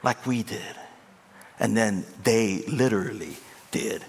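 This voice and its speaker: A man's voice: lowish voice, slow, creaky, slightly rough. A male pastor preaching a sermon, impassioned and conversational, with a long hall reverb on the voice. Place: large church hall.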